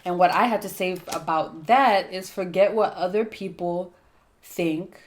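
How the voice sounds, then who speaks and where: A woman giving a casual tarot and astrology reading, chatty and thinking aloud, often checking in with "right?". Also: fairly low pitch. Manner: lists keyword traits in a slow steady run. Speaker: tarot reader.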